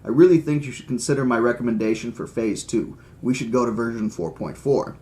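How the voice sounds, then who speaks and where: An earnest young scientist, read by a man who lays out his case carefully and insistently. The voice is the reader's own, at a middling male pitch, in a spoken novel reading. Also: a little fast, mellow, close to an everyday voice.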